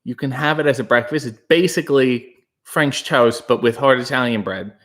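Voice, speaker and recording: Casting note: Canadian male livestream host, breathy, quiet delivery, rambling jokes, close-miked. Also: mid-range voice, moderate pace. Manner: breathy, hushed, rambling and joking. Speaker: livestream host reading chat. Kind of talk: casual live chat. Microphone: new studio microphone.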